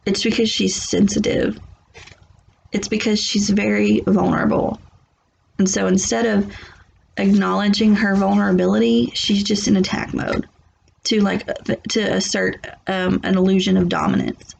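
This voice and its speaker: A woman's voice: medium pitch, flat delivery, normal speed, creaky, darkish tone, a little hiss or hum. A woman giving a casual tarot reading, blunt and rambling, often restarting and laughing. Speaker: tarot reader. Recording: muffled lo-fi recording.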